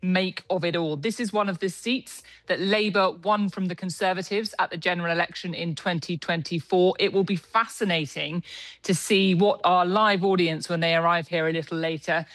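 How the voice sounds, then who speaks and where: A woman reporting live for radio news, brisk and informative. The recording is dry, with no room sound. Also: on the low side, steady tone, fairly bright tone, no echo. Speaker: political correspondent.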